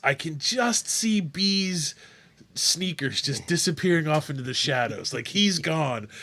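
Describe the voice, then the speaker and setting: A man co-hosting a casual beer podcast, telling stories with lots of laughter and acted-out voices. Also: mid-range voice. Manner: animated storyteller, laughs often, acts out voices. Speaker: podcast co-host. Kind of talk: casual chat.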